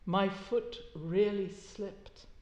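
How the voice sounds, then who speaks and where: A woman reading aloud the part of a calm, cooing actress who admits to killing her husband, with slow, quiet, deliberate delivery, in an echoey lecture hall. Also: fairly high pitch. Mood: cool, quiet. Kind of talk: dramatic reading from a novel.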